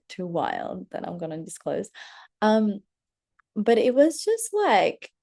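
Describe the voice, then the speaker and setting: A woman's voice: on the low side, vocal fry, warm tone. Chatty young woman telling a story. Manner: candid and chatty, full of "like", acts out her own thoughts; swears casually. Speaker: vlogger. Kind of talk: casual storytelling.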